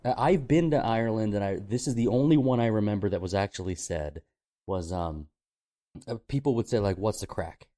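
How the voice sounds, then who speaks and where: A man with a lowish, mellow voice talks through a film in a loose podcast chat. He rambles, restarts his sentences and tosses in "like" often. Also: a little fast. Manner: rambling, full of fillers and restarts, reads out phrases. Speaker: podcast co-host. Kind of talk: casual movie discussion.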